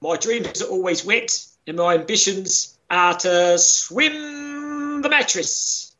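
Cheeky guy, voiced by a podcaster, bright tone, deadpan. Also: mid-range voice, takes it slowly. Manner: deadpan smutty jokes. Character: cheeky Australian man Billy Bob Brown.

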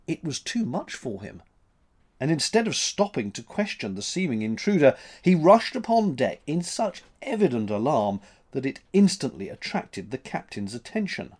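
A man reading a story aloud as narrator, in an expressive, dramatic manner. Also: fairly high pitch, moderate pace.

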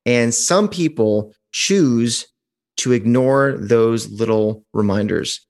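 A man's voice: mid-range voice, expressive, slow, darkish tone. A man co-hosting a podcast in casual chat, rambling with restarts and swearing. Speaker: podcast co-host.

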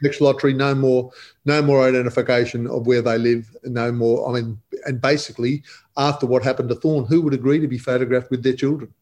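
A man's voice: medium pitch, fairly even intonation, fairly quick, darkish tone. A middle-aged man with an Australian accent, a guest author who tells stories vividly and emphatically in an interview. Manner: vivid, emphatic storyteller who acts out quoted dialogue. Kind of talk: animated storytelling interview.

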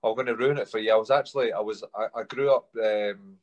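A man's voice: fairly low pitch, steady tone, fast, muffled recording. A man in his thirties with a Scottish accent from the Stirling area, a guest in a casual interview, upbeat and easygoing. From Scotland. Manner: upbeat, easygoing, says aye. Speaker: guest, rugby player.

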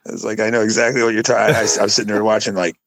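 A man's voice: little pitch movement, rapid-fire, fairly bright tone, no room sound, low-quality recording. A man in his forties co-hosting a casual podcast, telling rambling stories and acting out quotes in a raised voice. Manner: rambling storyteller, acts out quotes in a high voice. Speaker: podcast co-host. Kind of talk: casual chat.

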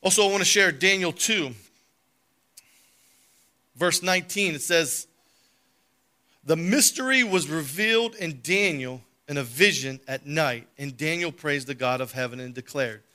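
Guy preaching, bright kinda high voice, goes quiet then loud, storytelling sermon. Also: unhurried, pauses often. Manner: storytelling with big swings in loudness.

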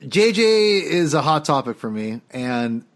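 A man's voice: mid-range voice, lively intonation, a little slow, a bit bright. A man co-hosting a casual film podcast, rambling and opinionated, often restarting his sentences. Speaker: podcast co-host. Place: home, dog heard drinking behind him.

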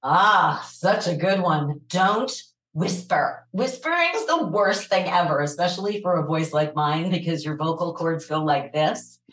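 A woman from New York City speaks with a low, raspy voice and a New York accent. She chats with animated energy and frequent laughter, her voice sitting on the deep side. The room around her is noticeably echoey. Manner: animated, laughs often, quick asides. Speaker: voiceover actor, guest. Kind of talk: casual interview chat.

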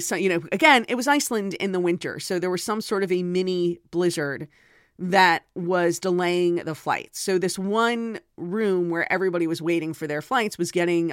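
A woman's voice: fairly low pitch, a bit bright, smooth, dry recording, clean studio sound. A woman hosting her own podcast, telling a story in a chatty, digressive way with self-deprecating asides. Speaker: podcast host and author. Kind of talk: casual storytelling monologue.

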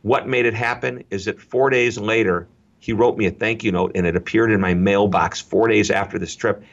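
A middle-aged man, a guest speaker on customer service, telling anecdotes in an energetic interview style and repeating key phrases. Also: lowish voice, normal speed, dull audio. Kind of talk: interview storytelling.

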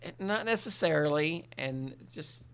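A man co-hosting a comedy podcast who laughs easily and keeps nudging the talk back to the story. His voice is bright and sits a little high, with a very lively pitch. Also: a little slow, gravelly, clear, resonant tone. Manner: joking, laughs often, steers the conversation. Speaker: podcast co-host. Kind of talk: casual comedic banter.

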